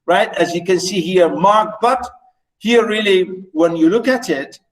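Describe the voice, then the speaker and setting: A man's voice: high-pitched, moderate pace, poor audio. A man giving an unscripted poetry lecture to students, hesitating often, with many fillers and restarts, and checking in with his listeners.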